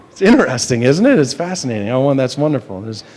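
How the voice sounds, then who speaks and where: A man's voice: mid-range voice, a little mellow. A man from New Hampshire working as a stage hypnotist, chatting with volunteers in loose, rambling patter full of restarts, recorded live in a large campus hall. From New Hampshire, USA. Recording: live hall with long reverb.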